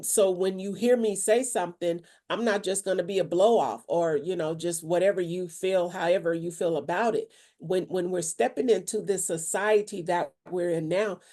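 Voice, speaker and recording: With a mellow, fairly low voice, a woman preacher co-hosts a casual faith podcast. She talks firmly and assertively, in an authoritative way.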